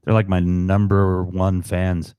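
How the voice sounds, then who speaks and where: A man on a late-night livestream, rambling and excited, with many ums, tired and up past his bedtime. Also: low-pitched, takes it slowly, clear, resonant tone, no echo, muffled recording. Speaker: guest on livestream. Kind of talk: casual chat.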